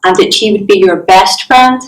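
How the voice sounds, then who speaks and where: A woman telling a Bible story to young children in a soft, coaxing way. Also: mid-range voice, normal speed, reverberant. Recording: distant mic.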